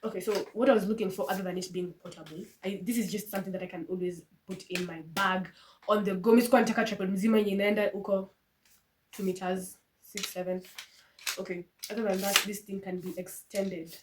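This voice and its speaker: A young Kenyan woman chats through a vlog from her room, slipping between English and Swahili and breaking into high shrieks of excitement. Her voice is a little stuffy from a flu. She is picked up from a few steps away on a phone, with a clear hiss of background noise underneath. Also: quick pace, distant mic. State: congested with a flu, coughing. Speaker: vlogger. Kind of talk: casual vlog chat.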